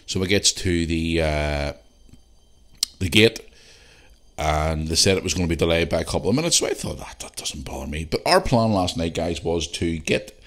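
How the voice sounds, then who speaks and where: At a normal speed, a deep-voiced Northern Irish man tells a wandering story for his solo podcast, recorded casually at home in the living room. He curses freely, and his animated delivery is full of fillers and false starts.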